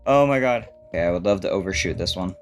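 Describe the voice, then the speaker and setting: A man narrating his own game footage in a bouncy, jokey way, his pitch leaping up and down as he gets excited. He laughs often and throws in playful slang. Faint music plays underneath. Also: fast talker. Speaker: gaming YouTuber. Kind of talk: playful gameplay commentary and narration.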